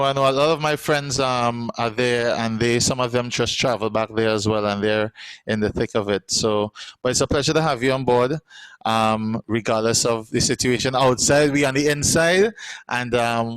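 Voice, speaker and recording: Man hosting a live stream, smooth clear voice, dry sound, chatty n encouraging. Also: medium pitch, fairly even intonation, moderate pace, fairly bright tone, no room sound, rough recording. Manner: chatty and encouraging, many fillers. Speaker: host. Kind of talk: hosting a live online show.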